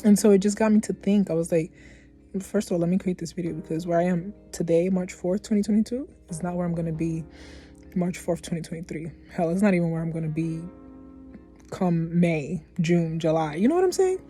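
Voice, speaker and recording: Woman vlogger, low-ish voice, mellow tone, heartfelt, rambling, self-correcting. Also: brisk, soft background music. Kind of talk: candid personal vlog.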